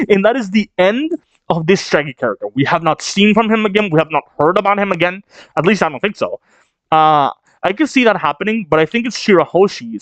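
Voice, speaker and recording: A man reading a manga chapter aloud and reacting, animated and chatty, thinking out loud. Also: fairly high pitch, no echo.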